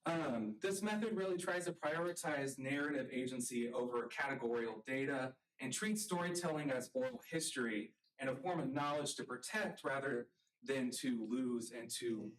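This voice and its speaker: A man from the rural American South giving a public lecture as a college art professor, earnest and halting, with frequent ums. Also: medium pitch, recorded from a distance, poor audio.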